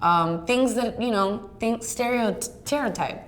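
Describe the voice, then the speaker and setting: An actress chatting about her work in an interview, telling stories in a lively way with plenty of fillers and laughs. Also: a little high, takes it slowly. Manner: chatty, animated storyteller with many fillers and laughs. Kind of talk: casual storytelling interview.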